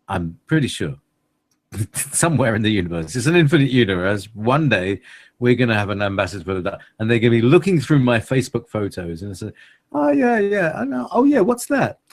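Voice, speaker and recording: A man cohosting a casual chat, rambling with many hesitations and frequent laughs. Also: on the low side.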